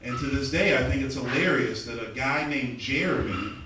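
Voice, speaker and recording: A man's voice: medium pitch, normal speed, background noise. A man from the American South, doing profane live stand-up comedy and bantering with the crowd. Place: underground comedy club. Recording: distant mic in an echoey club, loud crowd.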